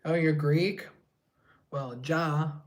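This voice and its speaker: A man's voice: a little high, fairly even intonation, very slow. A young man from Colombia chatting casually on a live stream, reading viewer comments and rambling in a self-deprecating way. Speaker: livestreamer and musician.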